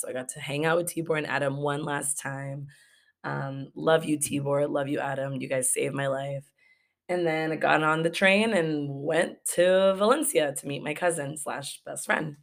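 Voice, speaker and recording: A young woman from Los Angeles tells a story on her podcast. She talks in a low register with plenty of vocal fry. Her casual, profane delivery is broken up by laughter. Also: steady tone, normal speed. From Los Angeles, USA. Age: young adult. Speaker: podcast host. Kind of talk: casual story-time monologue.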